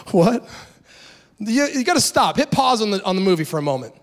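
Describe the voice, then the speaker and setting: A middle-aged man preaching a sermon in an animated, conversational way, with dramatic pauses. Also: high-pitched. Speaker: pastor.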